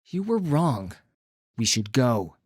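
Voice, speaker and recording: A man voicing an uneasy, conscientious young boy in a raised, higher, tense voice. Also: sing-song, takes it slowly, a little mellow, husky, dry recording, clean studio sound, heavily acted.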